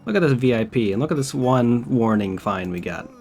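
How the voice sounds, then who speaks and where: A man's voice: mid-range voice, lively intonation, fairly quick, darkish tone, soft background music. Laid-back, swearing male streamer. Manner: profane, wry and laid-back. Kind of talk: casual gameplay commentary.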